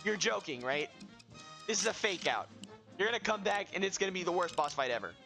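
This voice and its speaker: A young man giving excitable, self-mocking commentary while playing a video game, often yelling. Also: high voice, a little fast, gravelly. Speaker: gaming video host. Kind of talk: live let's-play commentary. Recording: dull lo-fi with game music behind.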